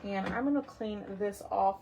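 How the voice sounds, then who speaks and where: A woman's voice: medium pitch, normal speed, noisy background. A woman hosting a live crafting tutorial, chatting with viewers by name and thinking aloud as she works. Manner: chatty, talks to viewers by name while working; thinks aloud, often trails off. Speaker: craft livestream host.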